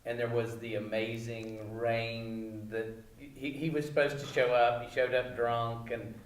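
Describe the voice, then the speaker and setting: A man's voice: mid-range voice, flat delivery, unhurried, far from the mic, crowd noise. A man interviewing, asking chatty, meandering questions. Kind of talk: casual interview. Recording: roomy, off-mic.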